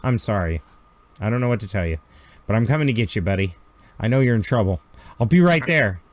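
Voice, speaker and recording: A man voicing a frantic young woman on the run, urgent and loud, in a tabletop game. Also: animated, fast talker, dry recording, lightly acted. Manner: urgent, raised and higher.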